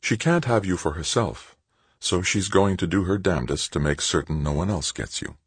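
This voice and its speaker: A man's voice: low voice, expressive, moderate pace, slightly rough, no room sound, voice pushed up. A man voicing a scornful young woman with a raised, scoffing delivery, reading a storybook. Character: scornful young woman, bitter about power.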